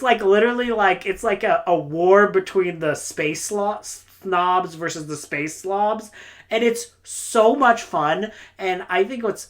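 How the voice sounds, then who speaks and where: A woman reviewing books in a casual, rambling monologue, enthusiastic and full of "like" and "uh". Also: lowish voice. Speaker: book reviewer.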